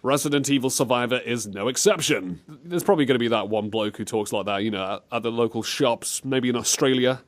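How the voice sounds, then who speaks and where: A man's voice: medium pitch, brisk, few pauses. A man co-hosting a comedy gaming podcast, joking around and reacting to clips. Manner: jokey, lively, breaks into silly voices. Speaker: podcast co-host. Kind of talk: comedic game-review chat.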